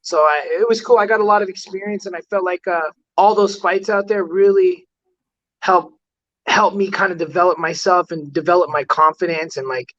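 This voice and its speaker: Brief: male fighter guest, high pitch, loose filler-heavy storytelling, lo-fi muffled call sound. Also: fairly even intonation, moderate pace, fairly bright tone. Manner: rambling, heavy use of "like" fillers. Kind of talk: casual storytelling interview.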